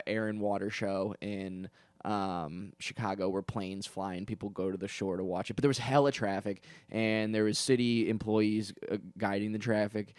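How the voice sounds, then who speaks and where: A man's voice: fairly low pitch, a little mellow, smooth, no echo. Rambling young man telling stories. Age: young adult. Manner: rambling, digressive, full of fillers and restarts; profane, self-deprecating asides. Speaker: comedian podcast host. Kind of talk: casual comedic storytelling.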